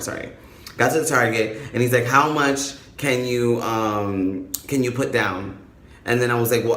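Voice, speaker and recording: A man's voice: medium pitch, a bit bright, echoey room. A man vlogging casually, telling his story with swearing and acting out the voices in it.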